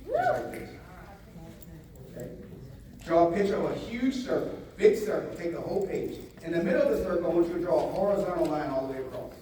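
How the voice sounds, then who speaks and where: A man giving a motivational seminar talk to a live audience, animated, repeating phrases and getting the crowd to answer back. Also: on the high side, fast, slight background noise. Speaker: motivational speaker. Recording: echoey hall, voice from a distance.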